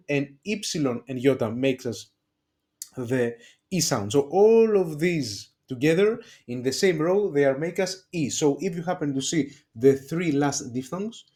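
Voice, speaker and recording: A man with a Greek accent teaching a beginner language lesson, talking slowly and checking in with "okay?" and frequent fillers. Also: medium pitch, warm tone.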